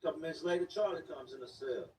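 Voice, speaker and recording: Man, casual storyteller, slangy and repetitive; mellow tone, recorded from a distance with faint background noise. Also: on the high side, racing. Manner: slangy, repetitive street talk. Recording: echoey room, distant mic, faint noise.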